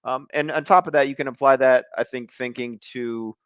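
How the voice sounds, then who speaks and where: Smooth-voiced man reporting by call-in. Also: mid-range voice, steady tone, no echo. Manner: measured, thoughtful, chuckles now and then. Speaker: field reporter. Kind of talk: casual podcast interview.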